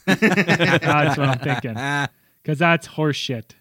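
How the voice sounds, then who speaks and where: A man's voice: fairly high pitch, slow, a bit bright. A man co-hosting a casual podcast, reading listener reviews aloud in a laid-back, amused way. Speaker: podcast co-host.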